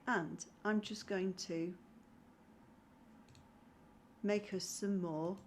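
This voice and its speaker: A woman's voice: mid-range voice, slight background noise. A woman teaching a primary school music lesson online, patient and encouraging, clapping and chanting rhythm syllables. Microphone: screen-shared video call.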